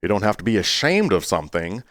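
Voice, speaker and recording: A man talking to his viewers in a casual, rambling way, earnest but playful, with sudden jumps into a high voice. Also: big pitch swings, quick pace, fairly bright tone, no room sound, studio quality. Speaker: YouTuber. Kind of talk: casual talking-to-camera monologue.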